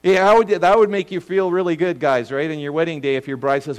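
A middle-aged pastor delivers a sermon in an earnest way, tripping over the first words of his phrases and slowing down to lean on key lines. His voice sits a little high for a man. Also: smooth. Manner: earnest, repeats words when starting phrases, slows for emphasis.

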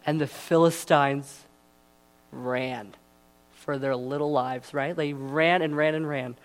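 A young man preaches in a loose, conversational way, peppering his story with fillers and asides. His voice sits a little above the usual male range. He keeps the retelling relaxed and chatty. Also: on the high side, slow. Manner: casual and chatty, many fillers. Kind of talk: sermon.

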